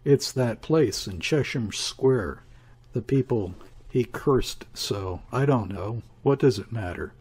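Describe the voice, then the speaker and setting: A man's voice: mid-range voice, expressive, slow pace, a little mellow, breathy edge, full character voice. A man reading the part of a desperate, grieving woman in an audiobook, speaking in a listless, weary, murmuring way.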